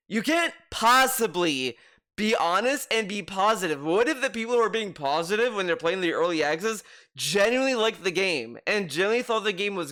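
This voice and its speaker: A man's voice: sits high, sharp tone. Sarcastic, swearing man ranting. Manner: sarcastic, profane, exasperated. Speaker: commentary YouTuber. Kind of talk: ranting reaction commentary.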